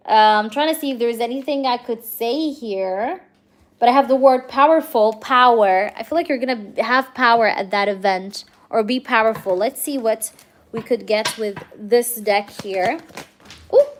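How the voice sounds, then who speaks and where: Chatty reassuring woman reading tarot. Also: a little high. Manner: chatty, reassuring, full of fillers and "okay?" checks. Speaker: tarot reader. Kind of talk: live-stream tarot reading.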